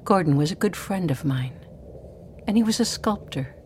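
Woman narrator with a low voice, spoken-word storytelling, dramatic and whispery at times. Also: expressive, normal speed, slight background noise. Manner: dramatic, dropping often into hushed whispers.

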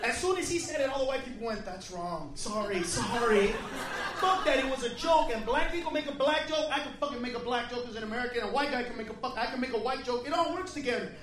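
A man doing a loud, crude stand-up routine, confronting the audience. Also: very high-pitched, very fast, hardly any pauses. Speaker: stand-up comedian. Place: comedy club stage. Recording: echoey club from a distant mic, crowd laughter. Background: audience laughing.

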